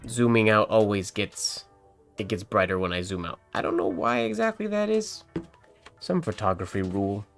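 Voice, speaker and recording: A man talks through a live writing session in a relaxed, thinking-aloud way, then reads a holiday poem aloud. His voice carries a gravelly rasp, and his pitch rises and falls freely as he speaks. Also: normal speed, faint music behind. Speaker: calligrapher streaming a writing session. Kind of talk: casual live-stream chat and poem reading.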